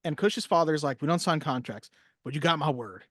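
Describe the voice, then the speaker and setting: Animated man co-hosting a film podcast. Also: a little high, brisk, no echo, studio quality. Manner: animated, acts out movie lines. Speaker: podcast co-host. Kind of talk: casual film discussion.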